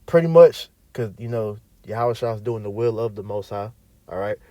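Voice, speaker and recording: Here the preacher's voice is lowish, animated, and dark-toned, at a normal speed with no echo. He teaches scripture in an emphatic, repetitive way, reading verses aloud in archaic language and tagging points with "all right." At times he mutters off-mic as he searches.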